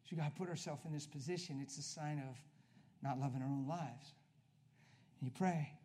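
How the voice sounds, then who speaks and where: A man with a fairly high voice preaches a sermon built around a story, acting out both sides of a conversation. He swings from hushed talk to loud, emphatic preaching.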